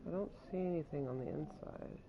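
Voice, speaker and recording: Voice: medium pitch, a little fast, creaky, dull audio, background noise. A gamer giving casual commentary while solving puzzles, muttering with wry asides. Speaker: let's play gamer.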